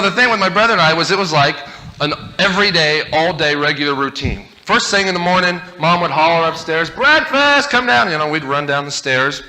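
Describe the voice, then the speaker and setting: A man giving a humorous storytelling talk from a stage, animated and laughing through his stories. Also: on the high side. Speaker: motivational speaker. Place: stage before a live audience.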